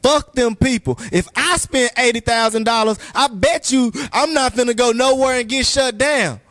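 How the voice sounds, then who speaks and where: A high-pitched man holds the floor as a guest on a podcast, heated and emphatic and quick to curse. The sound is dry and close, with no room around him. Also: dry recording. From East Texas. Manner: animated, emphatic, profane ranting.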